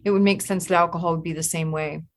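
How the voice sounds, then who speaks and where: A woman hosting a casual podcast conversation, animated when telling stories and quick to laugh. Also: lowish voice. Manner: animated storyteller, laughs easily.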